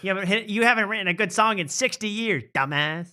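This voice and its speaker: A man's voice: high voice, fast talker, bright, forceful tone, clean tone, voice pushed up. Man doing a meek old rock star turned nasty. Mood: insulting. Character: aging male rock legend, meek turned insulting.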